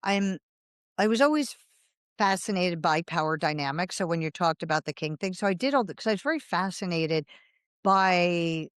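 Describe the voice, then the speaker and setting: A woman's voice: on the low side, lively intonation, normal speed, smooth, no echo, studio quality. A woman in her fifties, a writer, telling a long, rambling anecdote in a casual interview, acting out quoted dialogue and laughing along the way. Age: 50s. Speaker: guest, writer.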